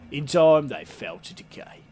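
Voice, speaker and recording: A man voicing a big, bearded, calm male station councillor from a video game, with a Cockney accent, clipping words like 'em. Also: a little high, measured pace, soft background music. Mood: calm, welcoming. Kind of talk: reading game dialogue aloud.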